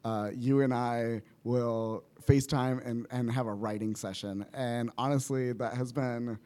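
A man's voice: medium pitch, steady tone, a little slow, darkish tone. A man hosting a casual conversation, a comedian who laughs often and playfully quotes others. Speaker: comedian, podcast host. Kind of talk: casual chat.

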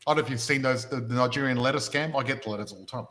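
Australian male podcast host, casual, story-driven, middle pitch. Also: racing, a bit bright. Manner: storytelling, rhetorical questions. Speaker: podcast host and property investment mentor.

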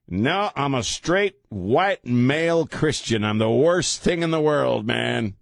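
A man's voice: medium pitch, lively intonation, slow pace, vocal fry, few pauses, no room sound, studio quality. A man hosting a call-in radio show, joking and laughing often as he gives blunt opinions. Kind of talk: casual call-in radio talk. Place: radio studio.

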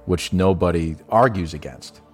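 A man co-hosting a casual film review podcast, self-mocking and quick to laugh. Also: low-pitched, soft background music. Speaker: podcast co-host.

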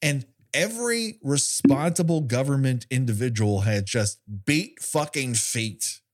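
Podcast host guy ranting about an episode, pitch jumps all over, swears a lot, sarcastic. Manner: animated, profane, sarcastic retelling with quick asides. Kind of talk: casual podcast recap chat.

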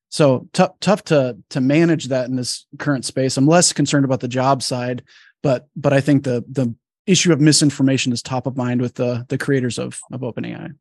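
A man in his thirties, a podcast guest, thinking through a point in a measured way. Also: medium pitch, darkish tone, no echo, studio quality. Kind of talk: casual panel chat.

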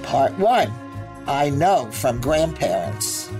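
An older woman and grandmother telling family stories with a lively, laughing delivery and acted-out quotes. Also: extremely low pitch, slow pace, faint music behind. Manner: lively storyteller who laughs easily and acts out quotes. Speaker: grandmother interviewed by her grandson. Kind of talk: family storytelling.

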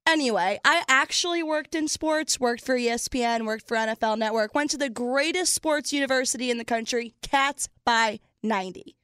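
A woman joining a casual podcast as a new guest, playful and quick to laugh. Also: high voice, a bit bright, clear, resonant tone, no room sound.

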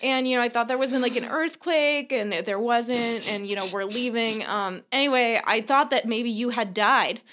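A young woman co-hosting a podcast, telling a long, animated anecdote in casual chat, full of fillers and swearing. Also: on the high side, normal speed, few pauses. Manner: animated storyteller, filler-heavy, swears freely. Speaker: podcast co-host.

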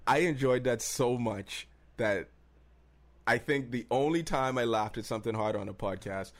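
A man's voice: mid-range voice, normal speed. A young man co-hosting a podcast, making opinionated points in casual talk and laughing easily. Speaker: podcast co-host.

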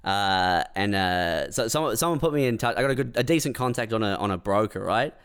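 A man in casual podcast chat, laid-back, rambling and halting with many fillers as he tells a story. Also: lowish voice, lively intonation, fairly bright tone, smooth.

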